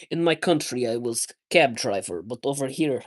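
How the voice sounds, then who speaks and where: A man's voice: mid-range voice, animated, pitched below the performer's own voice. A man doing a joking Russian-accented cab driver. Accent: put-on Russian. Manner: halting broken-English joke delivery. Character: immigrant male cab driver, former doctor, wry. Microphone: phone.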